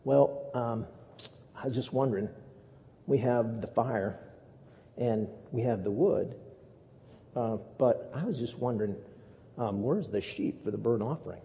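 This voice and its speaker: A man playing a nervous young son who questions his father in a hesitant, halting way, heard as a dull recording with a long echo in a church. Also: fairly low pitch, flat delivery, mellow, lightly acted.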